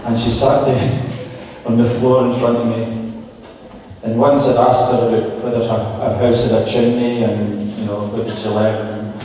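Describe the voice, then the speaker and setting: A man's voice: mid-range voice, mellow. A Scottish man compering a band concert with chatty stories and self-deprecating jokes. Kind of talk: stage patter introducing band items. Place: large concert hall with audience. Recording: echoey hall from far off, audible hiss.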